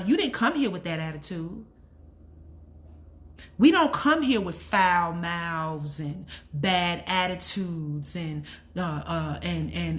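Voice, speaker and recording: A mother talking earnestly to her viewers about faith and self-reflection, preaching in a casual way and repeating key lines for emphasis. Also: fairly low pitch. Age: adult with a son. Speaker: channel host. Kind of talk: motivational faith talk.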